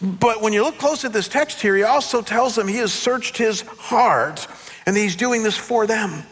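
A middle-aged man preaches in a loose, animated way, often stumbling over restarts and poking fun at himself. His voice sits a bit high for a man. The sound carries a long reverb, as in a large church hall. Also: normal speed. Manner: animated, conversational, self-deprecating with stammered restarts. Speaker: pastor. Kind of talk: sermon. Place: church sanctuary.

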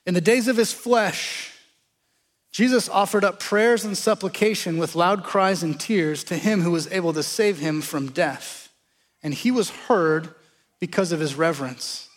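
A man's voice: high-pitched, a little slow, big-room sound. A man preaching a sermon in a conversational way, asking the congregation questions as he explains scripture. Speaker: pastor.

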